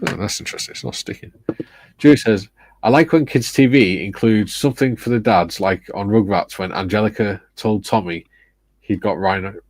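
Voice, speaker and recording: A man with a low voice and close, dry sound hosts a relaxed hobby livestream. He reads viewer comments aloud and jokes with his co-builders as they go. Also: no echo. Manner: reads out chat messages, joking. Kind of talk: casual livestream chat while model building.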